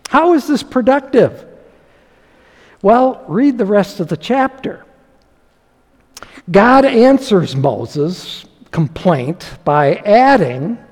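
A man's voice: high-pitched, a little mellow, in a large hall. A man preaching a sermon as pastor, reading scripture dramatically and talking animatedly with chuckles.

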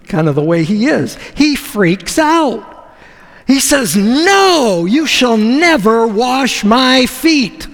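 Male pastor, sermon, high animated voice, unhurried delivery, reverberant hall sound. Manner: conversational, asks the audience questions, with deliberate pauses.

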